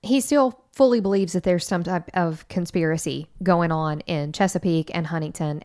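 A woman co-hosting a podcast, summarizing and weighing claims in a measured way. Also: lowish voice. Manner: measured, even-handed. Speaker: podcast co-host. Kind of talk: casual commentary.

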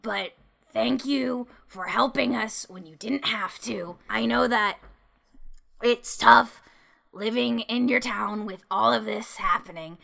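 A sincere woman whose bright voice has a strong gravelly edge. She speaks earnestly. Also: fairly high pitch, slow.

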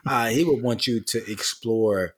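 A man's voice: mid-range voice, measured pace, husky. A man speaking as a guest author in a casual interview, earnest, building long lists with rising emphasis.

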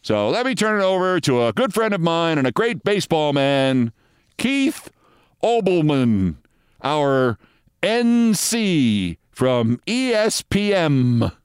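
A man doing a muddled, halting mayor. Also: a little high, sing-song, clear, resonant tone, dry recording, clean studio sound, voice pushed up. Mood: pompous. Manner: halting, mumbled, repeating himself. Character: befuddled forgetful middle-aged male mayor.

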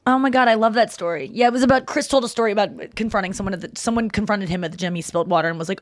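A woman's voice: mid-range voice, rapid-fire, few pauses, dry recording, studio quality. A woman co-hosting a podcast, telling stories in a casual chat and acting out the quotes. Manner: animated storytelling, acts out quotes. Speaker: podcast co-host.

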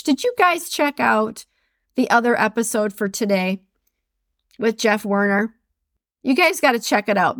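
A woman hosting a solo podcast, reading quotes aloud and chatting casually, laughing at her own slips in an animated way. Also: a little high, dry recording, studio quality. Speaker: podcast host.

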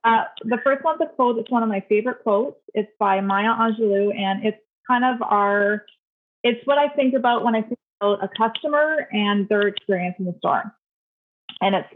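A woman's voice: a little high, moderate pace. Woman, store owner guest, reflective, earnest, phone-line sound, faint hiss. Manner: reflective, earnest, many restarts. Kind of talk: casual interview chat.

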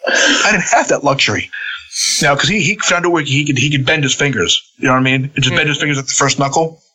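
Lively, bright-voiced man spinning a story. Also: on the high side, fast, low-quality recording. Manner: animated, swearing, laughing between lines. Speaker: podcast guest, former wrestler. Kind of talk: casual storytelling.

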